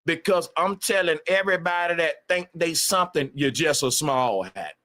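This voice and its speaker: A man's voice: on the high side, moderate pace, pushed and bright. A man on a livestream, ranting emphatically with a lot of profanity and repetition. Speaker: live streamer. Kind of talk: casual livestream rant.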